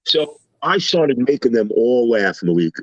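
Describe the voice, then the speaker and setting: A man on a talk panel, telling everyday stories in a casual, animated way and acting out the people he quotes. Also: mid-range voice, unhurried, no echo. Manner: animated storyteller, acts out quoted voices. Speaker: panel guest. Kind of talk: casual storytelling chat. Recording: slightly dull lo-fi sound.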